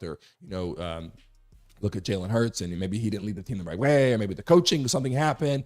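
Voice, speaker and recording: Hoarse man hosting a lively sports talk show. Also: fairly low pitch, a little fast. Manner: emphatic, conversational, repeats his point to be clear. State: hoarse, recovering from a lost voice. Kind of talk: live sports talk monologue.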